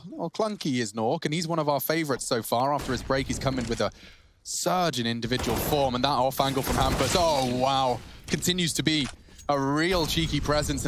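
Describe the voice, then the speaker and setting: A man doing fast, excitable play-by-play for a competitive shooter match, joking with his co-caster. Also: mid-range voice, background noise. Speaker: esports caster. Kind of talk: play-by-play commentary.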